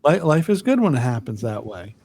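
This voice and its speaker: A man's voice: mid-range voice, very animated, brisk, a little mellow, husky, no room sound. A middle-aged man co-hosting a podcast, telling rambling, profane stories in casual chat. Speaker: podcast co-host.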